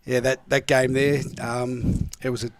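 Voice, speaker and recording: A man's voice: medium pitch, measured pace, a little hiss or hum. A man with an Australian accent, a former footballer telling stories as a guest in a casual chat, acting out what people said. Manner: animated yarn-spinning, acts out quotes. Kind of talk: casual storytelling.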